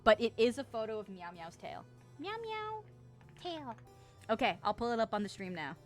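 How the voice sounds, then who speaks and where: A woman in her twenties chatting casually on a live stream, reading chat aloud, giggling often and getting excited. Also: mid-range voice, quick pace, soft background music. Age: 20s.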